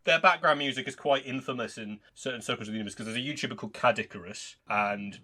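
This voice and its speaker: Man, bright forceful voice, casual podcast chat, animated storyteller. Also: medium pitch, quick pace, a little hiss or hum. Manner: animated storyteller, acts out alien voices with swearing and laughter. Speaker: podcast co-host reviewing a game.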